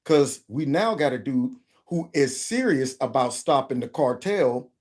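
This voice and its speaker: A man with a mid-range voice, speaking a little slowly, hosts a commentary channel. He reacts to video clips in an animated way, exclaiming and mock-quoting others.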